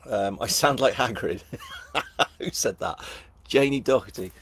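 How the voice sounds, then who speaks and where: A man's voice: mid-range voice, moderate pace, husky. A middle-aged man with a Northern English accent, chatting casually as he reads out viewer comments at a live book launch, jokey and self-deprecating. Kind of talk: casual live-stream chat reading comments.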